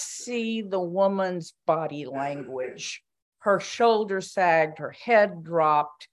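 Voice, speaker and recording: A woman's voice: fairly low pitch, animated, slow. An older woman, a commission member, giving a spoken reflection at a meeting in a conversational storytelling way, with fillers and restarts.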